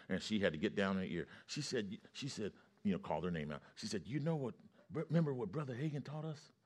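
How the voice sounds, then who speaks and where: A man preaching a sermon with call-and-response, his storytelling rising to loud excitement. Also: low voice.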